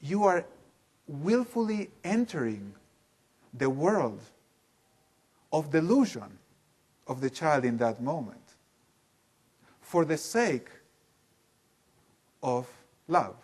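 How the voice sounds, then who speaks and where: A man leading a live seminar in a room with an audience, talking in an animated, emphatic way and putting questions to the listeners. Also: on the high side, slow pace, pauses often, slightly rough. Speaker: workshop teacher.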